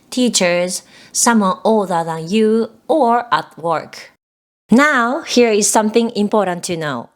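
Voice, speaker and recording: A woman gives a scripted language lesson in a clear, patient voice of middling pitch. She explains each grammar point step by step and reads out the example sentences. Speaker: Japanese language teacher.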